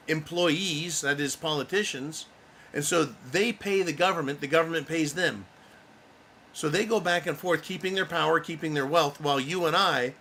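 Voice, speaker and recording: A man's voice: on the high side, bright, forceful tone. A man hosting a livestream, giving angry, blunt political commentary and swearing freely. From United States. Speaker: livestream host.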